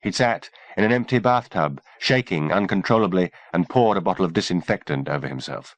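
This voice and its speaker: A man narrating an audiobook in a steady, measured reading voice. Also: sits low, no echo.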